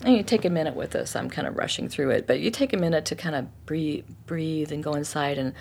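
A woman coach in casual conversation, retelling a client session and acting out the quotes with lively swings of voice. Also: fairly quick, vocal fry, few pauses, breathy edge. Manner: animated storytelling, acts out quotes with big pitch swings.

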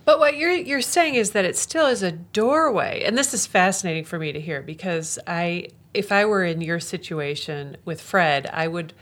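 Woman host, lower voice, attentive listener, casual chat. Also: normal speed, hardly any pauses. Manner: attentive listener with frequent short agreements. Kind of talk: casual conversation.

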